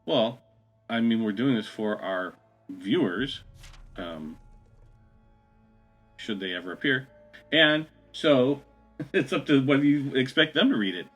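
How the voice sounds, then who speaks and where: A man's voice: mid-range voice, animated, slow, long pauses, fairly bright tone, faint music behind, rough recording. A man co-hosting a game let's play, chatting casually and joking with his partner. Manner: joking, laughs often. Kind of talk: casual gaming chat.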